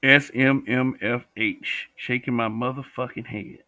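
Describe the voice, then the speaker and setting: A man's voice: medium pitch, fairly even intonation, a little slow, pushed and bright, no room sound, studio quality. A man hosting a livestream, talking bluntly with profanity and reading viewer comments. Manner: blunt, profane, talks back to chat.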